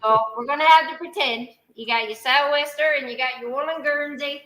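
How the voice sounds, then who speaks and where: A woman with a Newfoundland accent, a lively, teasing storyteller on a video call. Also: high voice, fairly quick, poor audio. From Newfoundland, Canada. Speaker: guest. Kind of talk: joking live-stream chat.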